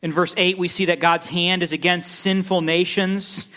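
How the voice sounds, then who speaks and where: A man's voice: high voice, flat delivery, moderate pace, sharp tone. A man preaching an expository sermon, emphatic, with rhetorical questions and repeated phrases. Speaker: pastor. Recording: long reverb of a large hall.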